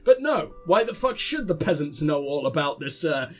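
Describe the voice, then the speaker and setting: A man's voice: on the high side, sing-song, moderate pace, fairly bright tone, faint music behind. A young man casually commenting on a role-playing game while he plays, sarcastic and swearing freely. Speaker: let's play gamer.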